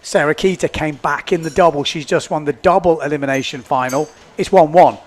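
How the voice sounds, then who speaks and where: A man commentates live at a beachside sports event from indoors, sounding chatty and upbeat and frequently repeating himself while thinking aloud. His voice is a little high and his pace brisk.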